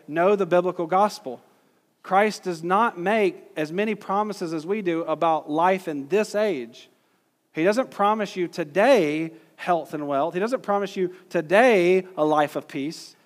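A man preaching a teaching sermon in an earnest way, acting out quoted voices in his illustration. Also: fairly high pitch. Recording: long hall reverb.

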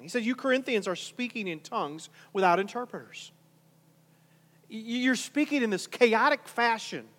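A man's voice: extremely high pitch, a bit bright, big-room sound. A male pastor preaching a conversational sermon, full of rhetorical questions and repeated restarts.

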